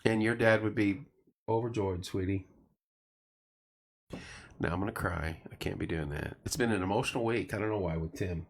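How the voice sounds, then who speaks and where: A man's voice: lowish voice, moderate pace, pauses often. A middle-aged man hosting a casual late-night chat show, telling stories and acting out the voices of people he quotes. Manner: animated storyteller, acts out quoted voices. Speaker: host.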